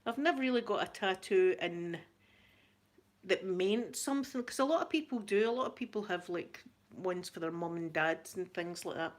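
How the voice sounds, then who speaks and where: Casual Glaswegian woman, mid-range pitch, chatty live-stream host who laughs a lot. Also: expressive, moderate pace. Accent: Glaswegian Scottish. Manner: chatty, laughs often, repeats herself. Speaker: ASMR channel host answering live chat.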